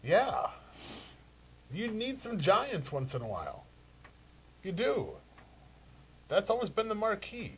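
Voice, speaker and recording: A man's voice: high-pitched, wildly swooping pitch, slow, pauses often, a bit bright, slight background noise. A man co-hosting a wrestling talk show, bantering in a teasing, argumentative way. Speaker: co-host.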